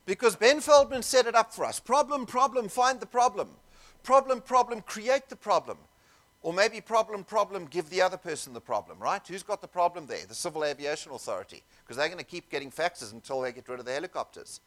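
A man telling stories to a seminar audience, animated and jokey, with asides to the crowd in a conference room. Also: on the high side, quick pace, hardly any pauses. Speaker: seminar speaker. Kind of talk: keynote storytelling to an audience.

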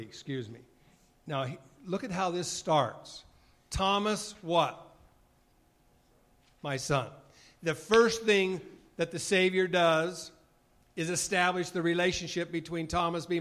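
A man preaching with earnest conviction, his voice sitting a little higher than most men's. He moves from testimony into acted-out exchanges, his words catching now and then as feeling rises. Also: measured pace, fairly bright tone. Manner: earnest testifying, acts out dialogues. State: choked up with emotion at times. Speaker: former mission president giving a devotional talk. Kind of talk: sermon.

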